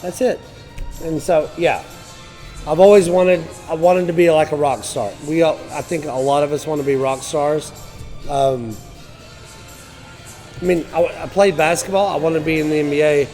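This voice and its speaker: A man comedian talks in a loose, self-mocking way, with a voice a bit high for a man. Faint music hums in the background. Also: fairly even intonation, normal speed, a little mellow, poor audio. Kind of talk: casual interview answers.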